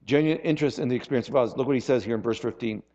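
A man preaching a sermon as pastor, conversational and animated, with rhetorical questions and calls for an amen. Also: mid-range voice, very fast, highs cut off.

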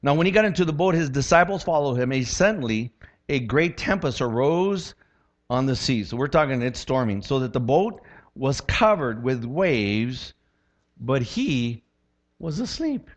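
A man preaching a sermon as a pastor, animated, acting out quotes and voices as he teaches. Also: mid-range voice, measured pace.

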